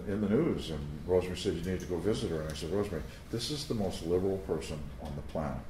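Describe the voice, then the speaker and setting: A man's voice: sits low, darkish tone, a little hiss or hum. A man preaching a sermon, telling stories in a conversational way with asides to his listeners. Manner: anecdotal, conversational storytelling with asides to the crowd. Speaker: pastor. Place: teaching room before a live audience. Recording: roomy echo of a room.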